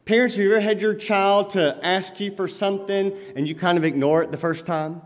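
Guy preaching a sermon, high voice, big echoey hall, gets loud then drops real quiet. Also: fairly even intonation, brisk, hardly any pauses. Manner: dynamic, swings from loud emphatic lines to quiet lowered ones. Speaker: pastor.

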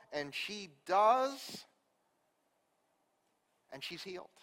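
Slow, high-voiced preacher in a hall. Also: male voice, very animated. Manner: storytelling, rhetorical questions, big swings in loudness. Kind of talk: sermon.

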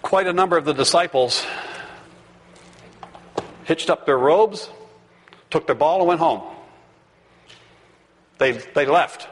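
A man preaching a sermon, reading scripture aloud and acting out the crowd's voices with animated asides. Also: a little high, slow pace, long pauses, slight background noise. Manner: animated, reads scripture and acts out the crowd's questions. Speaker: pastor. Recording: long hall reverb.

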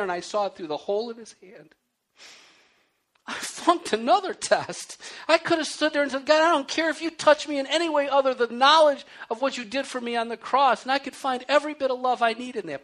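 A man preaching a sermon, telling stories from his own life with animated delivery and then reading scripture aloud and explaining it. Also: very high-pitched. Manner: animated storytelling, acting out his own pleas and rising to loud cries. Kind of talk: sermon with personal testimony.

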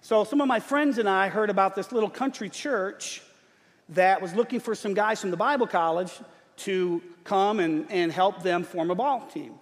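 A middle-aged man preaching a sermon, telling a humorous story in an animated way. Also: high-pitched, moderate pace. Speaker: pastor. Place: church sanctuary. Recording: long church hall reverb.

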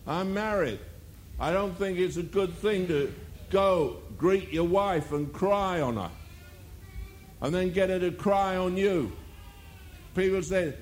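A man's voice: high voice, slow pace, pauses often, slight background noise. A male preacher delivering a sermon, firing rhetorical questions and mocking asides.

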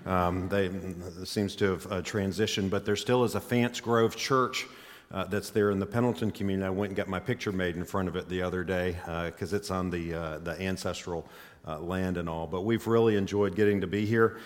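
A man with a faint Southern accent preaching as a guest, easygoing and chatty with lots of "uh" fillers. His voice sits a little low. It carries a long echo around the church hall. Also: steady tone, a little fast. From Mississippi. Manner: folksy, chatty, with frequent "uh" fillers. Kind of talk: sermon. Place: church sanctuary.

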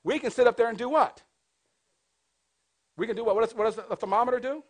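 A man in his fifties preaching a sermon as pastor, asking the congregation call-and-response questions and swinging between loud and hushed delivery. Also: very high-pitched, fast talker. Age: 50s.

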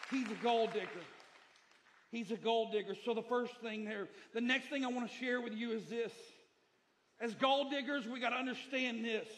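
A man's voice: extremely high pitch, unhurried, long pauses, fairly bright tone, some chatter behind. A middle-aged male pastor preaching a sermon, emphatic and repetitive, moving between lessons and personal stories.

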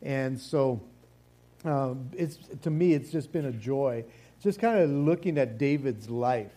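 A man's voice: medium pitch, takes it slowly, mellow. A man teaching a casual Bible study, rambling with many fillers and repeated words, sometimes playfully acting out the figures he describes. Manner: acts out quoted exchanges playfully.

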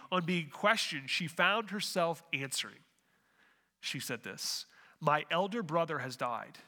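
A man's voice: a little high, bright, forceful tone, long reverb tail. A man preaching a sermon as pastor, earnest, with rhetorical questions and frequent restarts.

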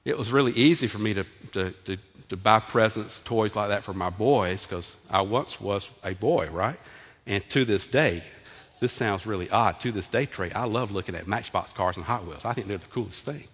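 A middle-aged man, preaching a lively sermon to his congregation and often asking them questions directly. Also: on the low side, moderate pace, husky. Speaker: pastor. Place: church sanctuary. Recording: long hall reverb.

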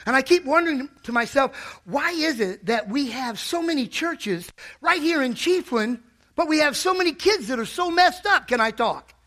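A man's voice: extremely high pitch, expressive, moderate pace, pushed and bright. A man preaching a fervent sermon in a church, calling out to the congregation.

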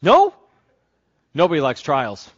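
A man preaching a sermon as pastor, moving between calm teaching and rising, excited storytelling. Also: fairly high pitch, takes it slowly. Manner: builds from calm teaching to loud excited crowd-cheering passages. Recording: dull lo-fi sermon recording.

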